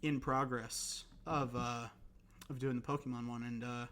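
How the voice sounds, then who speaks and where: A hoarse young man hosting a casual solo podcast, rambling and self-deprecating with lots of fillers and restarts. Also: medium pitch, level tone, a little slow, a bit bright. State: hoarse, recovering voice. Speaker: podcast host.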